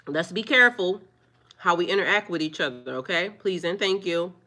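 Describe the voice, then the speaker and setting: Woman live-streamer scolding trolls, bright voice. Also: on the low side, moderate pace. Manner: firmly scolding trolls, preachy. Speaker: livestreamer. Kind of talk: live-stream chat with viewers.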